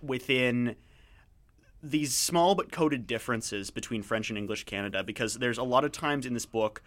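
Male radio host, bright tense voice, rambling self-mocking reviewer. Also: mid-range voice, moderate pace. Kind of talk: casual chat and book reviews.

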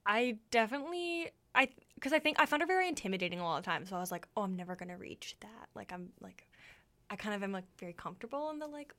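A woman's voice: fairly high pitch, lively intonation, quick pace, a bit bright. A young woman co-hosting a radio show, chatting casually with lots of fillers and giggles. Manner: chatty, fills talk with "like", giggly. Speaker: radio co-host. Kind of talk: casual chat.

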